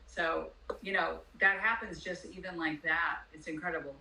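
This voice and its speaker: An older woman, a former pro wrestler and podcast guest, telling stories in animated casual chat. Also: low-pitched, normal speed, gravelly. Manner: animated storyteller. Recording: echoey room, distant mic, faint noise.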